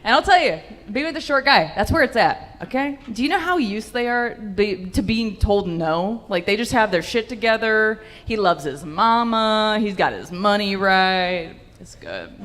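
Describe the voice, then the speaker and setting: A woman's voice: medium pitch, expressive, normal speed, hardly any pauses, a bit bright. A young woman doing a stand-up set in a comedy club, brash and profane with punchy delivery into a handheld mic.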